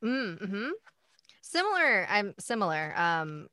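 A woman's voice: medium pitch, very animated, takes it slowly, pushed and bright, no room sound. A woman co-hosting a casual chat, reading personality quiz questions aloud, giggly and hesitant. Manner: giggly, hesitant, often restarts.

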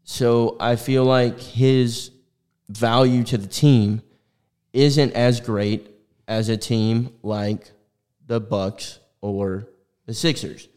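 A man's voice: mid-range voice, fairly even intonation, drawn-out words, a little mellow. A young man co-hosting a sports podcast, talking bluntly and swearing freely in casual chat. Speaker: podcast co-host.

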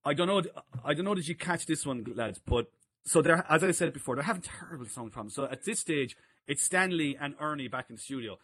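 Bright-voiced man telling anecdotes. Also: on the high side, expressive, brisk. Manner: chatty anecdotes, amused, laughing asides. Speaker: co-host. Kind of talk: casual podcast chat.

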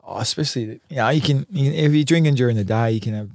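A man's voice: medium pitch, very fast, creaky, a little mellow, no room sound, clean studio sound. A man in his late twenties with an Australian accent, a footballer answering questions in a casual chat, laid-back and modest, with plenty of ums. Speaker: professional footballer, guest.

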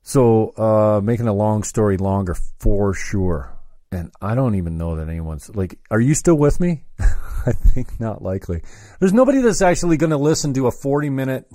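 A man's voice: on the low side, dark tone, no room sound, studio quality. A man telling a long, rambling story, cursing and cutting himself off mid-sentence. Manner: rambling, self-interrupting, profane.

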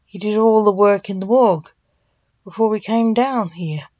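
A woman's voice: medium pitch, normal speed, darkish tone, no echo, natural voice. A woman reading the lines of a fretful male assistant, worried and explaining, on a dull recording.

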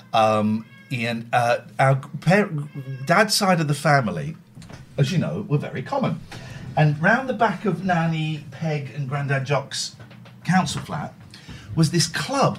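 A man's voice: a little high, slight background noise. A middle-aged man hosting a casual livestream, telling rambling, self-mocking stories and swearing freely. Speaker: livestream host. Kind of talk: casual chat.

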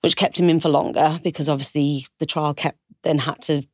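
A woman with a low voice talks through a hard personal story in a candid, conversational way, slipping into other people's voices as she goes. The sound is dry and close, with no room around her. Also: fairly even intonation, fairly quick, darkish tone, no room sound. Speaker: podcast co-host telling her own story.

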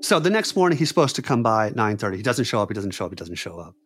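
A man telling a personal story in an animated way, often repeating words and phrases. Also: fairly low pitch, racing, slightly rough. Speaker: clown performer telling a story.

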